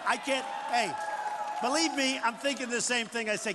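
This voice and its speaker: A man's voice: very high-pitched, steady tone, normal speed. A man in his sixties giving a campaign rally speech, boastful and repetitive, riffing off the crowd. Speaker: political candidate. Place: large rally venue. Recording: long hall reverb, faint crowd noise.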